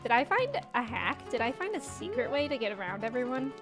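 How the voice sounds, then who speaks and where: This young woman, who has a Midwestern American accent, talks fairly quickly in a fairly high voice with big swings in pitch. During her game stream she giggles, rambles and chats casually with viewers as game music plays.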